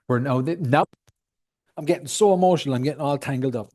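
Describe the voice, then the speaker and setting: A man's voice: medium pitch, brisk, mellow. A man in his thirties, not from the United States, hosting a solo podcast in a heated, emphatic rant full of swearing. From outside the United States. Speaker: podcast host.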